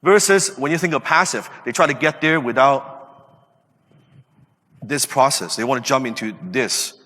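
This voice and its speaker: A man's voice: mid-range voice, moderate pace, sharp tone. A man in his late thirties gives an emphatic motivational talk as a podcast host, asking his listeners rhetorical questions. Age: late 30s. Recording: reverberant room.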